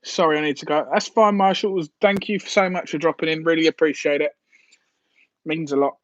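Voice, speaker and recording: A man's voice: on the high side, fairly even intonation, a little fast, lo-fi sound. A man hosting a casual live stream, rambling and hesitant with lots of fillers and restarts as he answers viewers' questions.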